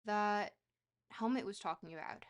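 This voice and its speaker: A woman's voice: medium pitch, normal speed. A woman streamer talks her way through a geography guessing game in loose, casual chat. She rambles and jokes, with an easy habit of swearing.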